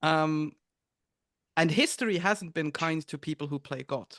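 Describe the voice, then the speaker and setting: A man's voice: on the high side, measured pace, a bit bright, no echo, clean studio sound. A man hosting a podcast, asking questions in a reflective, conversational way. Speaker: podcast host. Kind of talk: casual interview chat.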